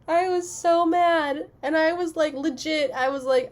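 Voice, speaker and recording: A woman's voice: high voice, measured pace. Chatty young woman makeup vlogger. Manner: chatty and self-mocking, with frequent laughs. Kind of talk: casual storytelling while doing makeup.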